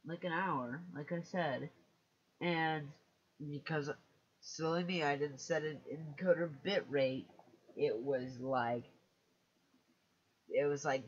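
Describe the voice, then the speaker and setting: A man's voice: on the high side, takes it slowly, long pauses, dull audio. A man chatting casually on a live stream, hesitant and self-mocking, often restarting his sentences.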